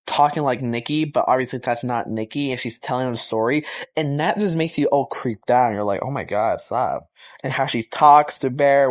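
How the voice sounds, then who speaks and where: A young man casually reviewing a movie, excited and rambling, full of slang and fillers. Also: medium pitch.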